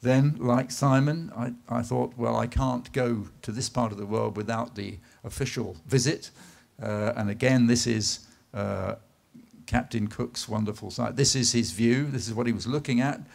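A man from England giving a live slide presentation at an art event, telling stories in an unhurried way with frequent "uh"s and some lines dropping to a soft voice. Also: medium pitch, fairly even intonation, creaky. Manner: unhurried, anecdotal, with filler "uh"s and dips to a soft voice. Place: event space in a garden venue.

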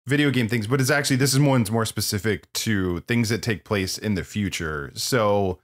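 A man co-hosting a podcast, chatting casually about a movie with animated, opinionated remarks and frequent laughs. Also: lowish voice, normal speed. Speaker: podcast co-host. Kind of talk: casual movie-review chat.

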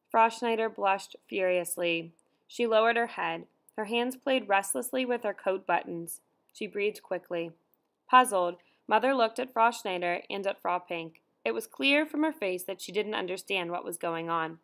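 Female audiobook narrator, steady and measured storytelling. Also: mid-range voice. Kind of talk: scripted narration.

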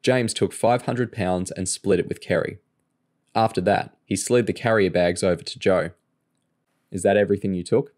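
A man narrating a novel in a steady, even storytelling manner. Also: low-pitched, moderate pace. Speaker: audiobook reader. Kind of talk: audiobook narration.

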